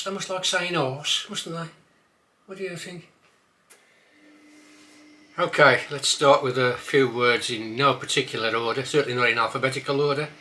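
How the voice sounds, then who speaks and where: Older man, Black Country accent, casual dialect lesson, bright forceful voice. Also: mid-range voice. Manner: repeats words slowly to demonstrate pronunciation. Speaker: vlogger teaching dialect. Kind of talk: casual instructional vlog.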